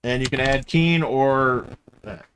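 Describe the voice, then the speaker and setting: A man's voice: mid-range voice, fairly even intonation, vocal fry, a bit bright, a little hiss or hum. A man acting as game master, narrating a tabletop game in a rambling way full of fillers. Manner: rambling, filler-heavy narration with quick character voices.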